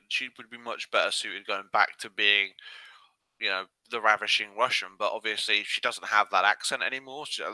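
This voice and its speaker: A man's voice: on the low side, sharp tone, no room sound, rough recording. A man co-hosting a podcast, chatting casually and often restarting his sentences mid-thought. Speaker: podcast co-host. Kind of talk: casual chat.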